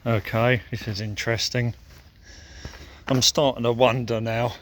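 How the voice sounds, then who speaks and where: A man vlogging as he walks outdoors by a lake, thinking aloud in a slow, musing way and noting that he feels a bit sore. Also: medium pitch, flat delivery. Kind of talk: casual walking commentary.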